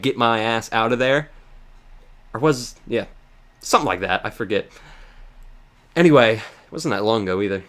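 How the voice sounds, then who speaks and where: Rambling, excitable man ranting about a game. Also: mid-range voice. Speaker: let's play host. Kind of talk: casual game recap rant.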